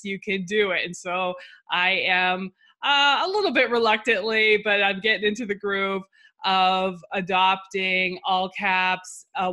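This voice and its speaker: A woman's voice: medium pitch, pushed and bright. A middle-aged woman writing coach talks casually through her own social media post, chatty and self-deprecating with lots of fillers.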